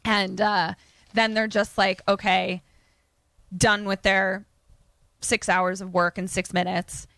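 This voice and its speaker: A woman's voice: mid-range voice, little pitch movement, slow pace, long pauses, a bit bright, no room sound. Young woman podcast host retelling a horror movie, chatty, swears a lot, dry close mic. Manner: chatty and profane, with many fillers. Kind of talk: casual film recap.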